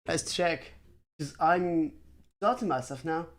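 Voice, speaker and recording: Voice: medium pitch, takes it slowly. A streamer building a made-up language live, chatting with viewers in a dry, self-mocking way and thinking aloud with many fillers. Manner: talks to chat viewers. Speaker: conlang streamer. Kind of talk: casual livestream chat while working.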